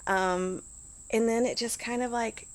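A woman's voice: on the high side, fairly even intonation, measured pace. A middle-aged woman talking casually as an interview guest, full of "like" and restarts. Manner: chatty, lots of "like" and restarts.

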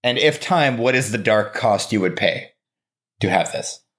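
A man's voice: lowish voice, expressive, measured pace, fairly bright tone. A man chatting as a guest on a podcast, playful and teasing, inventing fake facts with a straight face. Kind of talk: casual chat.

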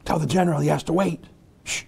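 A man's voice: fairly high pitch, fairly even intonation, fast, gravelly, darkish tone, slightly rough, pitched above the performer's own voice, heavily acted. A man voicing a fussy soldier who halts a patrol to pray, in a whiny, shushing, exasperated way.

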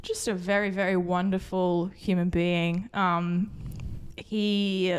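A woman's voice: on the low side, flat delivery, slow, smooth. A young woman, a podcast guest chatting casually and laughing often. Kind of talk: casual chat.

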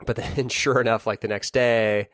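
A man's voice: medium pitch, steady tone, normal speed, a bit bright, dry recording. A man co-hosting a podcast from home, talking casually with dry, wry humor and stammering starts. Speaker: podcast co-host. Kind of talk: casual chat. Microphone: laptop recording setup.

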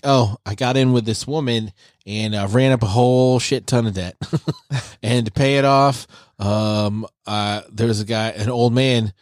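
A man's voice: fairly low pitch, a little mellow, dry recording, clean studio sound. A man co-hosting an anime review podcast, casually retelling scenes and quoting the characters. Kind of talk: casual chat.

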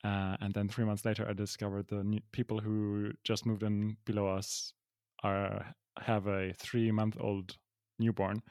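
A man's voice: lowish voice, level tone, a little slow, a little mellow, no room sound, studio quality. A man co-hosting a podcast from his apartment, chatting casually and often poking fun at himself. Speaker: podcast co-host. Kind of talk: casual chat.

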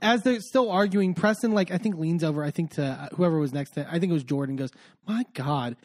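A man hosting a podcast, recapping a reality show in casual chat and telling the story in an animated way. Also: on the high side, fast. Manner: animated storyteller, acts out quoted lines. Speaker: podcast host.

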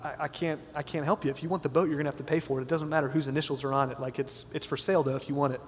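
A man's voice: a little high, fairly even intonation, rapid-fire, big-room sound, slight background noise, natural voice. A man playing a middle-aged male cashier who bluntly, hesitantly refuses to help, inside a sermon story. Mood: firm, apologetic. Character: flat, unbending male shopkeeper, middle-aged.

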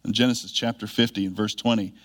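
Earnest male preacher, measured delivery. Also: lowish voice, fairly even intonation, fairly bright tone. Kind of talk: sermon.

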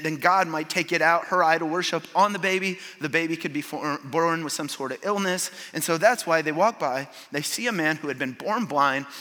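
A man preaching a sermon in a church, emphatic and swinging from loud to hushed. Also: fairly high pitch, big-room sound. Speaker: pastor.

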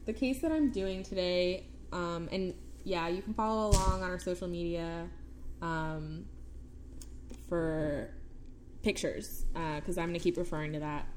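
A woman's voice: on the low side, measured pace, a little mellow, a little hiss or hum. A young woman co-hosting a casual podcast, chatty, laughing often and filling her sentences with ums and likes. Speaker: podcast co-host, case presenter.

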